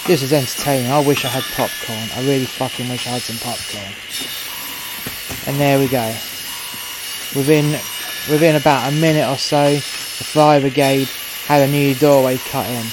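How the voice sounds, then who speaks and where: A foul-mouthed cartel courier, acted by a man, narrates his story in a sardonic, profane way at a mid pitch. The audio drama recording is noisy. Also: fairly even intonation, moderate pace, close to an everyday voice.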